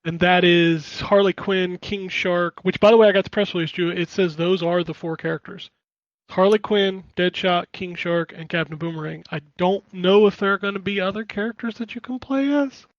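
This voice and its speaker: A high-pitched man chatting animatedly as a podcast co-host. His voice comes through a slightly dull, dry microphone with no room sound. He talks in an excited, exclamatory way. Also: moderate pace, dry recording. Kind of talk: casual chat.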